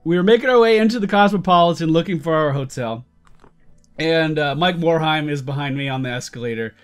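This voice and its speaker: A man's voice: on the high side, brisk, clear, resonant tone, faint music behind. A man telling a story in a casual vlog, wry and self-mocking, who swears freely. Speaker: YouTuber.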